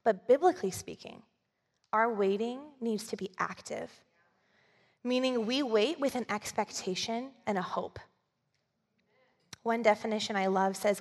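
Woman preacher, conversational sermon delivery, slightly high voice, church reverb. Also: measured pace, pauses often. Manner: conversational, asks the audience for agreement. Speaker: communications director, preacher.

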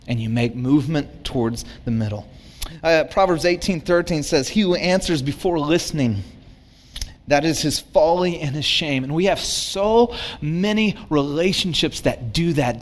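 A man's voice: on the high side, moderate pace, a little hiss or hum. A middle-aged man preaching a sermon, telling stories and acting out both sides of an argument. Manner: animated storytelling, acts out both sides of arguments. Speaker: pastor.

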